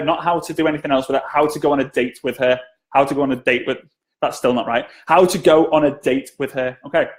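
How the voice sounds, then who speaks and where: Chatty, jokey male sales trainer, higher-pitched. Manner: chatty, jokey, asks viewers to comment. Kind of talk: live-stream training talk.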